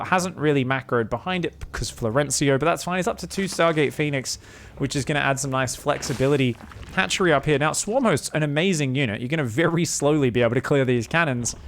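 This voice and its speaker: A man casting a strategy game match on his own, quick and excitable, swearing freely and cracking jokes between plays. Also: medium pitch, creaky. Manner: excitable, profane, joking asides, laughs often. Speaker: esports caster. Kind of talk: solo game commentary.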